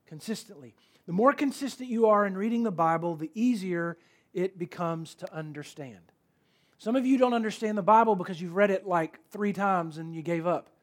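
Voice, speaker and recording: A man's voice: high-pitched, moderate pace. A man preaching a sermon in a conversational, emphatic way, repeating key words for stress. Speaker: pastor.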